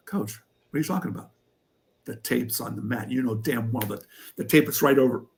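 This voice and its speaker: A man, a former wrestler and coach, telling a funny story as an interview guest, animated and laughing through the punchlines. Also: mid-range voice.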